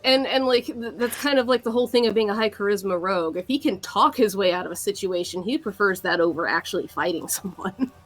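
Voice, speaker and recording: A woman talking casually about her character with her tabletop group. She laughs as she speaks and makes quick asides. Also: medium pitch. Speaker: tabletop game player. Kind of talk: casual chat during a game break.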